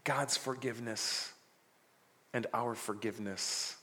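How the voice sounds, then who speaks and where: A man's voice: mid-range voice, fairly even intonation, slow pace, pushed and bright. Man preaching in a reverberant hall. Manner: dramatic, jokey scripture reading. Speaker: pastor. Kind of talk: sermon.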